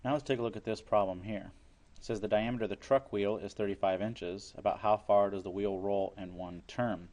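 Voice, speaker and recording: Low-voiced male teacher walking through a math lesson, plain and patient, repeats key steps. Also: fairly even intonation, fairly quick, darkish tone. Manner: plain explanatory, repeats steps, works problems aloud.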